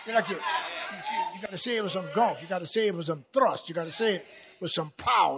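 A man preaching a sermon as pastor, folksy and repetitive, swelling into shouts. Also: high voice, fairly quick, a crowd in the background. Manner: casual folksy speech with "y'all" and "ain't". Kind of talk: fiery sermon. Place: church sanctuary with congregation.

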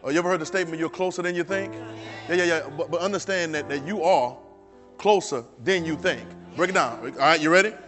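High-voiced preacher leading call-and-response. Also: male voice, fast, soft background music. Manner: swings from soft, low asides to loud, shouted exhortations; repeats phrases and restarts, urging the congregation to repeat after him. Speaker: pastor. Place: church service.

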